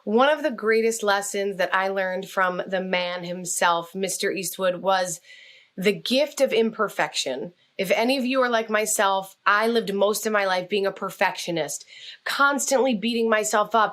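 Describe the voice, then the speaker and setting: A woman telling a story as a guest on a podcast interview, speaking in an animated, expressive way. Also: mid-range voice, normal speed. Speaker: guest, communication coach.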